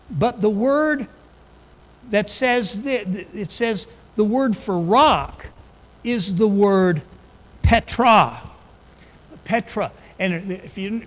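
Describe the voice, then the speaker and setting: High-voiced preacher in a reverberant hall. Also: male voice, a bit bright. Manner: conversational preaching with restarts, rising emphatically on scripture. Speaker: pastor. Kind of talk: sermon. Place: church sanctuary. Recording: long reverb of a large hall.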